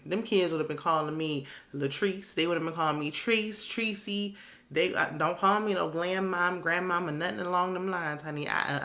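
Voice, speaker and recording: A woman's voice: on the low side, fairly bright tone. A woman recapping a reality show in a casual, gossipy way, with sassy asides and frequent laughter. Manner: sassy, chatty, laughs often.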